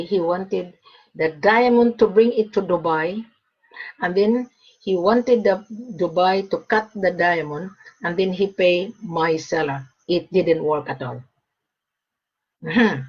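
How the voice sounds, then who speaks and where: A woman's voice: lowish voice, breathy edge. A woman broker talking straight to camera, blunt and emphatic, repeating her points as she gives advice. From Australia. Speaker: gold and diamond broker. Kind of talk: direct-to-camera advice talk. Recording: dull lo-fi recording.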